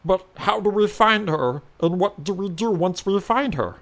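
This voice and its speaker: A man voicing a small, wary, furry cave changeling with a rumbling voice in a narrated fantasy story. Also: moderate pace. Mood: hesitant.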